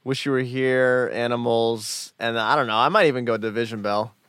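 A man's voice: medium pitch, steady tone, moderate pace, a bit bright, clean tone, no echo, studio quality. A man guesting on a casual music podcast, talking enthusiastically and rambling, often repeating himself. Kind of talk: casual chat.

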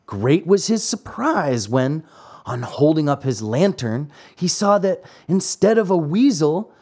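A man reading a classic fairy tale aloud as host, measured and expressive. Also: fairly high pitch, slightly rough. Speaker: host and reader. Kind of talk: storybook narration.

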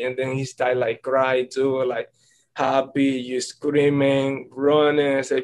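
Earnest young ballplayer rambling. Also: male voice, medium pitch, monotone, unhurried, darkish tone, slight background noise, rough recording. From Dominican Republic. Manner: earnest, rambling, repeats "and then". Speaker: baseball player. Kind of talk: press conference answers.

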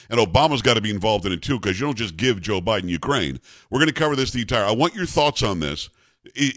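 A man's voice: mid-range voice, fairly bright tone, no echo. Indignant talk radio host, man. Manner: indignant, sarcastic. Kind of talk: political talk radio monologue.

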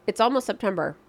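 A middle-aged woman with a nasal voice co-hosting a podcast, chatting casually and telling stories with lively quoted asides. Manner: animated storyteller, jumps to high voices for quotes. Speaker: podcast co-host. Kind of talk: casual chat.

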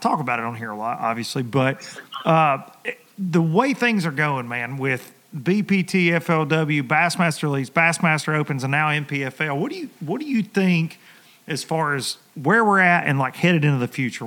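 A man's voice: on the high side, lively intonation, moderate pace, a bit bright. A man with a Tennessee Southern accent hosting a casual chat, laid-back and telling stories, saying "dude" and "like" often. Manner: laid-back, storytelling, says dude and like a lot. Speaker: podcast host.

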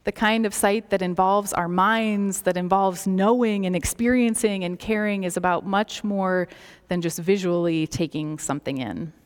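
A woman gives a sermon in a slow, gentle, reflective voice, letting some phrases fall to a soft near-whisper. Her voice sits at a middle pitch for a woman. It carries the long reverb of a large hall. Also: clear, resonant tone. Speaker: preacher.

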